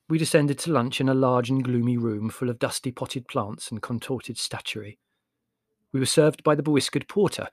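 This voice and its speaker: A man narrating an audiobook in a measured, wry storytelling voice. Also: mid-range voice, husky, no room sound, studio quality.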